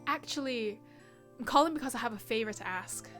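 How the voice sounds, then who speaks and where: A woman reading the lines of a calm older sister who teases her sibling gently. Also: a little high, brisk, faint music behind, close to an everyday voice. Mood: gentle. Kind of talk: reading game dialogue aloud.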